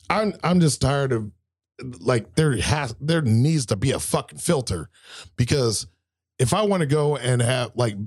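This thirtysomething podcast co-host rants hotly and swears nonstop on a casual show. His voice is medium-pitched, expressive, and darkish, moving at a measured pace.

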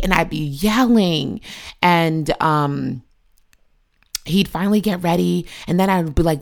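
A woman's voice: unhurried, creaky. A woman in her thirties, a mother telling her own story candidly and emotionally. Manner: emotional, confessional, acts out her own past yelling in a shrill voice.

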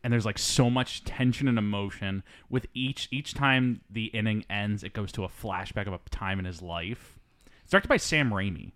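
A man co-hosting a casual movie podcast, chatting and acting out lines in an animated way. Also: normal speed. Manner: animated, acts out quotes in a loud high voice. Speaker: podcast co-host. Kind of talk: casual chat.

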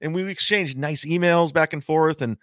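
A man's voice: on the high side, moderate pace, fairly bright tone, dry recording, studio quality. A man, a comedian, talking on a live stream in a rambling way, stumbling over his words and restarting sentences often. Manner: rambling, self-interrupting with many restarts. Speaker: comedian guest. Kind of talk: casual live-stream conversation.

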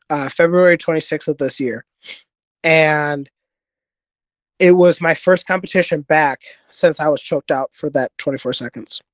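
Earnest rambling man, higher voice. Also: no room sound. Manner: earnest, rambling with many restarts. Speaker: podcast guest, jiu-jitsu competitor. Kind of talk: casual interview storytelling.

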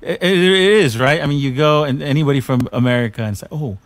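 A man hosts a casual podcast interview with a dry, close sound. He keeps it relaxed, cheering his guest on with quick agreements. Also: medium pitch, dry recording. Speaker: podcast host.

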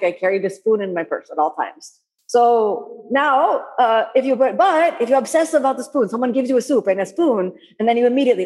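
A woman yoga teacher talks to her class in a long, ringing reverb. She is animated and repeats phrases for emphasis. Her pitch sits in the middle range. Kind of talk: spoken dharma talk to a class.

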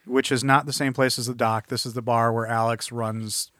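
A man's voice: medium pitch, flat delivery, a bit bright, dry recording. Enthusiastic male podcast co-host, dry sound. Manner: enthusiastic, acts out movie lines in quick bursts. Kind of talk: casual film review chat.

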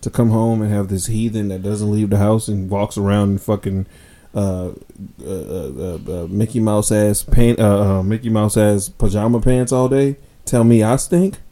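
A man's voice: on the low side, moderate pace, dark tone. A man co-hosting a casual chat show, telling stories and teasing, often repeating himself. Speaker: podcast co-host.

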